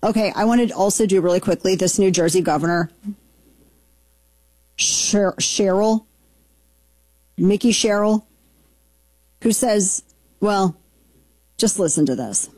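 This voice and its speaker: A woman's voice: mid-range voice, a little slow, pauses often, a little mellow, dry recording. A woman hosting an opinionated talk radio show, brash and sarcastic, speaking into a studio microphone.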